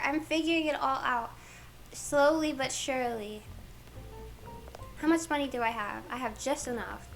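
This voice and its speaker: A woman's voice: high-pitched, moderate pace, long pauses, fairly bright tone, soft background music. A woman streaming a life-sim game, chatting casually and playfully while she plays and talks to the characters.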